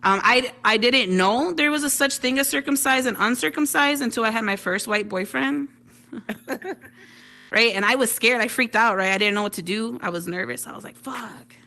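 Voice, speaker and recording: A woman from Detroit works a stand-up set through a VR headset mic, her voice bright and forward. She talks in a loose, chatty way, keeps asking "right?" and laughs along with her own punchlines. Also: a little high, moderate pace, creaky. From Detroit, United States. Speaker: stand-up comedian. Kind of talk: stand-up comedy routine. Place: virtual reality social venue.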